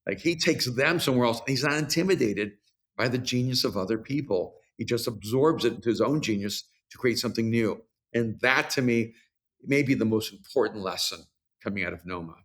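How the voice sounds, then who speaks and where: Older male podcast host, mid-pitched, reflective and unhurried in casual talk. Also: a bit bright.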